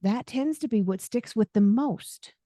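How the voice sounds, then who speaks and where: A woman's voice: a little high, a little slow, no echo, studio quality. A woman with a faint Southern American accent, hosting a podcast interview in a chatty, easygoing way. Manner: warm and chatty, laughs easily. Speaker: podcast host. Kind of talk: casual interview.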